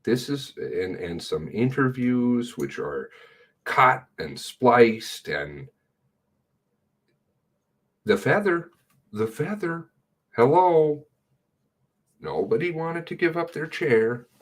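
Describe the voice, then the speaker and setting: A middle-aged man giving casual, sarcastic running commentary on a livestream, blunt and quick to swear. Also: mid-range voice, big pitch swings.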